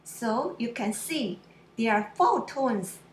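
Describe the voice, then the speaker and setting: A woman teaching pronunciation in a slow lesson, drawing out syllables and explaining them simply. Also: a little high, lively intonation, echoey room. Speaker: Mandarin teacher.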